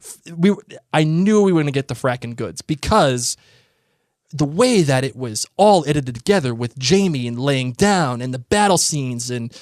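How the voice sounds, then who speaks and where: A mid-range, darkish voice with lively intonation at normal speed belongs to a podcast co-host eagerly discussing a TV episode. His casual recap is enthusiastic and teasing, with frequent sentence restarts, in a dry, clean studio recording.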